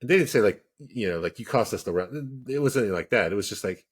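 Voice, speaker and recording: A man's voice: on the low side, lively intonation, fast talker, slightly rough. A man co-hosting a podcast, telling a story in casual chat and animatedly acting out the dialogue. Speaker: podcast co-host.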